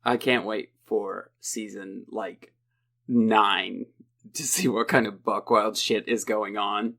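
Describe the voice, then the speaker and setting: A man's voice: lowish voice, steady tone, takes it slowly, gravelly, bright, forceful tone. A man, rambling and joking in a casual podcast chat. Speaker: podcast regular.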